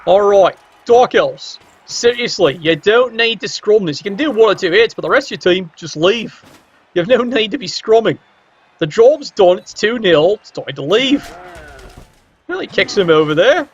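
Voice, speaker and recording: Guy doing chatty game commentary, kinda high voice, dull lo-fi sound. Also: animated, normal speed, husky. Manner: chatty, wry, teasing the players. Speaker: match commentator. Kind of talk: casual video game commentary. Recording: dull lo-fi recording.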